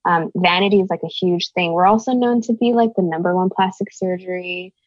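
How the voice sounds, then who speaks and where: A woman's voice: fairly low pitch, brisk, dry recording, dull audio. A woman raised in the United States, speaking as an interview guest in an earnest, thoughtful way, searching for her words. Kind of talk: reflective conversation.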